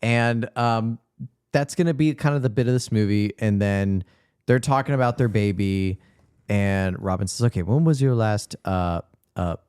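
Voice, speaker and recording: A man's voice: lowish voice, a little slow, darkish tone, clean tone, dry recording, studio quality. A man co-hosting a casual movie podcast, retelling scenes by acting out the characters' lines. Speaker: podcast co-host. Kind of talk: casual movie-recap chat.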